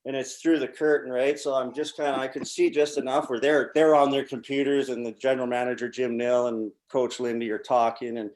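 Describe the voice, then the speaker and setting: A man's voice: mid-range voice, flat delivery, brisk, hardly any pauses, darkish tone. Profane, rambling man telling stories. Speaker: podcast guest, former pro hockey player. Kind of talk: casual storytelling.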